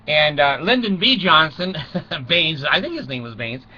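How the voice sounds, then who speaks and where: Chuckling older man, high bright voice. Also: big pitch swings, unhurried, husky, dull audio. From United States. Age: 60s. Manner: chuckles through his own jokes. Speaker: storyteller. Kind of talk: rambling comic monologue.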